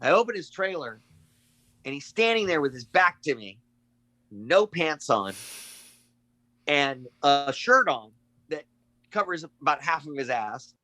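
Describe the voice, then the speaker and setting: A middle-aged man, a guest actor, telling animated stories in a casual chat and acting out the voices of the people he quotes. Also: fairly high pitch, measured pace, long pauses, dry recording, rough recording. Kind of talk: casual anecdotal storytelling.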